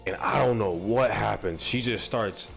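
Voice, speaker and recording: A man's voice: lowish voice, normal speed, vocal fry, fairly bright tone, faint music behind. A young man telling a rambling, profane story on a live stream, repeating himself as he goes. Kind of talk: casual storytelling.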